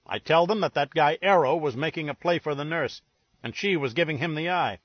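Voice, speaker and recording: A man voicing a blunt, crude middle-aged man with a sore jaw, speaking in a breathy baritone. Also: brisk, dry recording, lightly acted. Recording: dull lo-fi recording.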